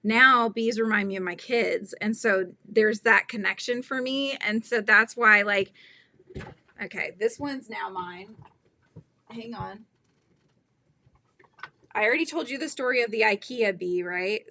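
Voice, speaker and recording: A woman's voice: medium pitch, unhurried, pauses often, sharp tone. A middle-aged woman hosting a crochet livestream, chatting casually, giggling and reading the chat aloud.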